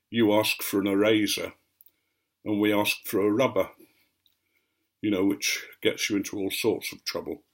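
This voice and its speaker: A man with a received English accent with a faint Norfolk edge, telling unhurried anecdotes in a rambling vlog with frequent ums. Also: lowish voice. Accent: mostly received English, light Norfolk. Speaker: vlogger. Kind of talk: rambling anecdotal chat to camera.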